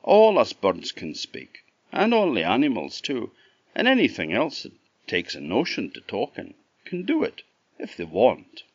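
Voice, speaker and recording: A man's voice: lowish voice, huge pitch swings, a little slow, slightly rough, no echo, dull audio, pitched above the performer's own voice, full character voice. A man with an Orkney Scottish accent voicing a small, sarcastic male robin in a storybook tale, with a chirpy, teasing manner. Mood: knowing.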